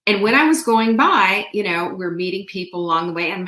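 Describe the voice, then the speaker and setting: Woman, host, casual storytelling, chatty, animated, playful, mid pitch, roomy echo. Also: brisk, few pauses. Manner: chatty, animated, laughs often, playful asides. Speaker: show host.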